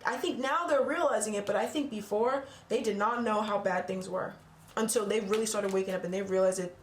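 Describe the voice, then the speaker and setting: A woman's voice: medium pitch, brisk, roomy sound, a little hiss or hum. A woman doing a casual tarot reading for her channel, talking bluntly and swearing freely as she gets heated. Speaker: tarot reader.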